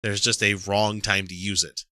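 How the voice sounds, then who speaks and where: A man co-hosting a casual comedic podcast, talking in an animated way, laughing often and restarting his sentences. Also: fairly low pitch, moderate pace, no echo. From Utah. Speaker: podcast co-host.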